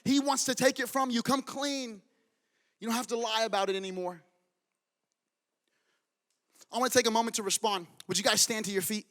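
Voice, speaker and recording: A man's voice: extremely high pitch, steady tone, normal speed, long pauses, a bit bright. A man preaching a sermon as pastor in a church, urging his congregation with fervent conviction. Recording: long reverb of a large church hall.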